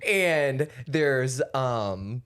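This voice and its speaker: A young man co-hosting a casual chat show, telling a story with big animated swings in his voice. He swears freely and peppers every sentence with filler words, rushing through the scary parts. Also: medium pitch, smooth. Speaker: podcast co-host.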